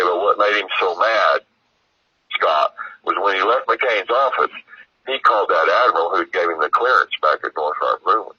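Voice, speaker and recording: A man's voice: sits low, normal speed, husky, no echo, lo-fi sound. An American man telling a long story as an interview guest, rambling and profane with lots of "you know". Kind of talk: casual storytelling.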